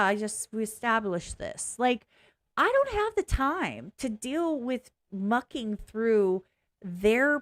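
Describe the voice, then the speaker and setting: Female vlogger, higher voice, blunt and rambling, casual reaction commentary. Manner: blunt, frank, swears freely; rambling, self-interrupting. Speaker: reaction video host.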